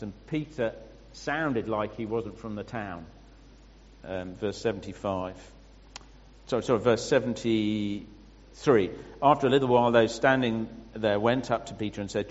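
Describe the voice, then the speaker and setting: A man preaching a sermon, explaining scripture with pauses and restarts. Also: lowish voice. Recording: muffled sound with long hall reverb.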